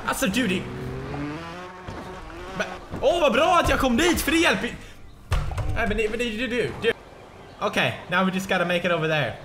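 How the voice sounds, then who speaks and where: A young Swedish man with a Swedish accent, giving let's play commentary, swearing constantly and bursting into frustrated shouting. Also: high voice, animated, a little fast, long pauses, noisy background. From Sweden. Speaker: gaming commentator. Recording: echoey room with loud game music.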